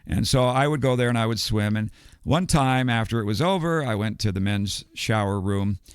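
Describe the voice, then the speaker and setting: An older American man, a podcast guest, tells a long, rambling, digressive story and chuckles between details. His voice is fairly low and smooth at a moderate pace. The recording is dry, with clean studio sound.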